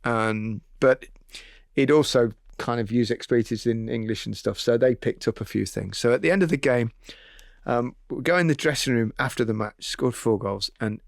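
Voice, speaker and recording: A man hosting a casual chat, telling stories in a relaxed way and laughing easily. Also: mid-range voice, moderate pace, creaky, no echo, studio quality. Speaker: podcast host.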